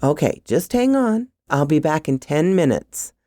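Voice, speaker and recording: A woman voicing a calm, reassuring young boyfriend in a story reading, speaking slowly and soothingly. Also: deep voice, no echo, studio quality. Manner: soothing, slow and steady.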